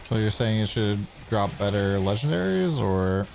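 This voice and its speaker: A man with a fairly low voice runs a casual gameplay livestream. He talks loosely with his chat, breaking into easy swearing as he explains what he is doing, with a faint hum of noise in the background. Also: big pitch swings, normal speed, gravelly, darkish tone. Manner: loose and chatty, swears freely, answers chat. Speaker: game streamer.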